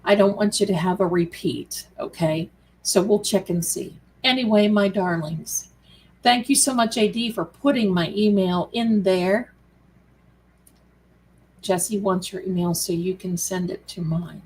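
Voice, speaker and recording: A woman's voice: medium pitch, a little slow, a little mellow, slight background noise, rough recording. A woman hosting a tarot live stream, chatting casually and affectionately with viewers she calls her darlings. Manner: chatty and rambling, reads out viewer comments.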